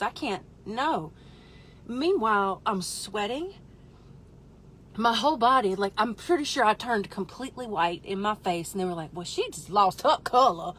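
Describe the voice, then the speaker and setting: A woman tells a comic story on her live stream with big, animated delivery. She plays up every moment and slips into little voiced asides along the way. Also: fairly high pitch, a little hiss or hum. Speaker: livestream host.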